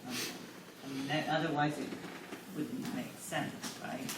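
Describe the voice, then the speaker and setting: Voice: medium pitch, steady tone, unhurried, heavy background noise. Committee member asking practical stuff, far from mic, echoey. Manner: asks practical questions. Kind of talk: casual committee meeting talk. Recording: echoey room, distant mic.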